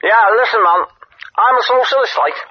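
A pushy Scouse caller, put on by a man, insistent and impatient, lecturing a radio host over a phone line. His voice sits high and carries strain. The line sounds dull and muffled. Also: normal speed. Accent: Liverpool. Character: blunt male socialist caller, pushy and impatient.

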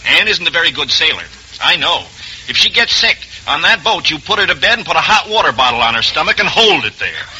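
An actor playing a witty, jealous ex-husband in a 1940s radio play, dry and wisecracking. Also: male voice, on the high side, big pitch swings, fast talker, sharp tone, a little hiss or hum, full character voice. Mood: wry. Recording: dull old radio broadcast.

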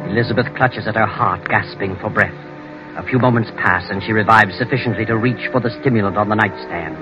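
A man narrating an old radio drama in a measured, ominous manner. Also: fairly low pitch. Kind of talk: scripted narration. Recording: dull lo-fi old radio recording. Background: music.

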